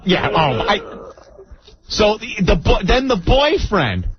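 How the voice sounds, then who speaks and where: A male radio host telling a story in an animated, mock-dramatic way, on a muffled radio broadcast with faint hiss. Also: high-pitched, takes it slowly, breathy edge, no echo. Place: radio studio.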